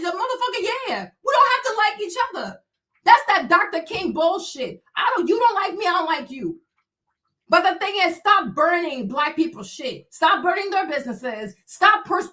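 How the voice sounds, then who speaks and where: A woman's voice: very high-pitched, sing-song, normal speed, bright, forceful tone. A woman hosting a livestream, talking in a blunt, heated and profane way, mocking her audience with bursts of laughter. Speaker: livestream host. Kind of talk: ranting commentary stream.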